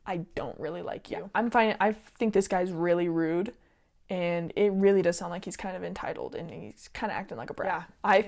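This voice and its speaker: A young woman casually reading online stories aloud and giving her opinions on them. She talks in a chatty, opinionated way with lots of "like" and "um", and she gets sidetracked easily. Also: medium pitch.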